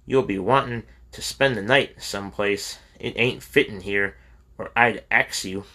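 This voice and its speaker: A man's voice: lowish voice, a little slow, bright, forceful tone. A man reading a story and voicing a wounded, grateful mountain man with a drawling rural way of talking.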